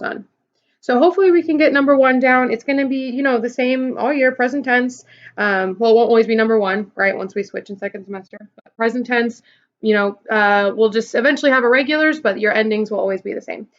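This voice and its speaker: A woman's voice: a little high, highs cut off. A woman Spanish teacher explaining verb forms step by step in a recorded lesson, patient, with frequent "okay" and "um". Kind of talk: recorded classroom lesson video.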